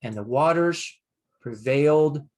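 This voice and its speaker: An older man teaching a Bible Hebrew lesson, slowly sounding out Hebrew words and explaining them with frequent pauses. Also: fairly high pitch, a little mellow. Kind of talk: screen-share lesson.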